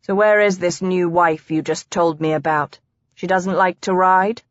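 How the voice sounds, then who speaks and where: A cheerful, easygoing young man full of questions, as a woman narrator voices him. The delivery is slow and slightly low, recorded dry and dull. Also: steady tone, dry recording, close to an everyday voice. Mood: light.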